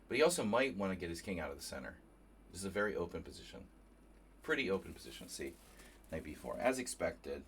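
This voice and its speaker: A man's voice: deep voice, sing-song, fast talker, slight background noise. A man from New Jersey commentating casually on his own chess game, thinking aloud and chatting with viewers. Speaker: chess streamer. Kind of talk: casual live commentary while playing.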